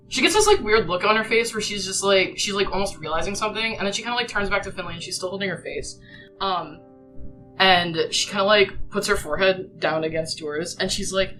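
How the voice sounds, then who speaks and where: A woman's voice: medium pitch, expressive, brisk, sharp tone, soft background music, rough recording. A woman player describing her character's actions in a tabletop game, emotional and full of fillers.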